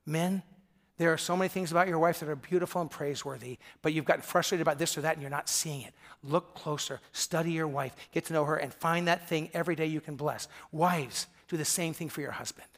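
A man's voice: a little high, steady tone, quick pace, creaky, a bit bright. A middle-aged man from Michigan preaching a sermon as pastor, telling stories and acting out the voices of people he quotes.

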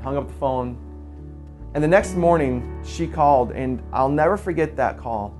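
A man in his forties, a pastor, telling an earnest personal story in a quiet, soft-spoken way. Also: medium pitch, moderate pace. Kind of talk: personal testimony in a church video. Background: soft guitar music.

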